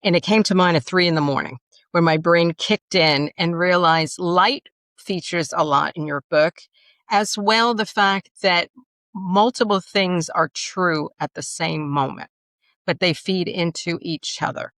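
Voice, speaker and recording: A woman with a New York accent, a podcast co-host introducing a guest's book with expressive, enthusiastic emphasis. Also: on the low side, unhurried, no echo.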